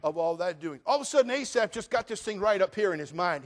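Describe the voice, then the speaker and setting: A male pastor preaching a sermon, swinging from loud rants to quiet asides. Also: sits high, expressive, quick pace, few pauses. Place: church.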